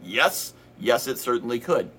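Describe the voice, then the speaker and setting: Bright husky man giving a pep talk. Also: medium pitch, big pitch swings, unhurried. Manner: earnest, conversational, acts out inner voices. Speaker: team leader giving an update. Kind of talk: motivational team talk.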